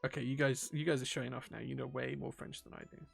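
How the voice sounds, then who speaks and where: A man's voice: medium pitch, flat delivery, quick pace, gravelly, husky, soft background music. A man, chatting casually on a live stream while he builds a keyboard. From England. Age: 40s. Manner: chatty, self-deprecating, reads chat aloud.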